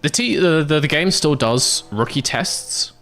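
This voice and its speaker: A man's voice: a little high, expressive, measured pace, a bit bright. A British man streaming a game, chatting casually with viewers, laughing often. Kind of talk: casual livestream chat.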